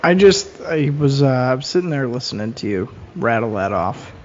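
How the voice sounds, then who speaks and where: A man's voice: medium pitch, animated, moderate pace, faint music behind. A man co-hosting a casual podcast with wry, joking quips, speaking over a remote call. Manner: wry, joking, gross-out humor. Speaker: podcast co-host. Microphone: remote call headset mic. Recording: dull lo-fi call audio with faint background noise.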